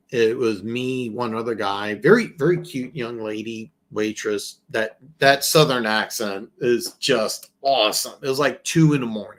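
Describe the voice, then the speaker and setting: A man from the American South hosts a casual football talk show, his voice fairly low and a bit bright with vocal fry. He rambles, frequently restarting his sentences and repeating words.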